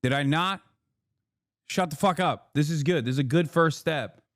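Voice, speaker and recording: Profane, heated streamer, close dry mic. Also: male voice, fairly high pitch, moderate pace, dry recording. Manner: profane, heated, mocking; breaks into laughter and sarcastic mimicry. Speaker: livestream commentator. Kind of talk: reacting to clips and articles on stream.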